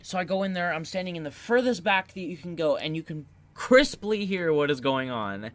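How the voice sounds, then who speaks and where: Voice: mid-range voice, expressive, moderate pace, no echo. A young adult who works at a movie theater, telling customer stories in an exasperated, casual way. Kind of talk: casual chat.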